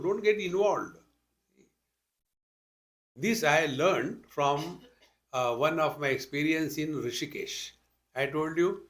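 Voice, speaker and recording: An older man with an Indian accent, his voice pitched high and fairly bright, delivers a spiritual discourse to an audience. As a spiritual teacher, he tells stories sprinkled with rhetorical questions and humorous asides.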